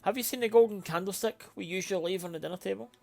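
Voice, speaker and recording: A man's voice: high-pitched, rapid-fire, creaky, faint music behind, pitched above the performer's own voice. A man voicing a haughty older lady of the house who bosses her staff. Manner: imperious, fussy.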